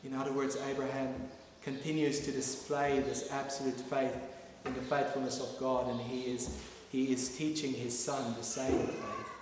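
A man's voice: medium pitch, little pitch movement, moderate pace. Man preaching in an echoey hall. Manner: emphatic, repeats phrases, many restarts. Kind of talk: sermon. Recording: echoey hall with faint noise.

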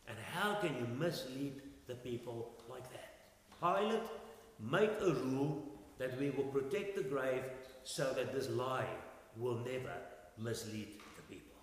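A man's voice: medium pitch, a little slow. Man preaching in an echoing hall. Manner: dramatic swings in loudness, rhetorical questions. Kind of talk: sermon. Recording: echoey hall with long reverb.

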